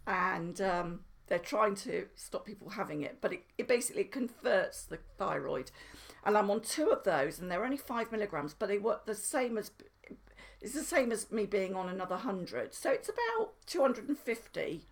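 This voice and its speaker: Chatty woman, lively and gravelly. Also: medium pitch, moderate pace. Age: middle-aged. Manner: chatty, self-mocking, laughs at herself. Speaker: vlogger. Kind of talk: casual chat to camera.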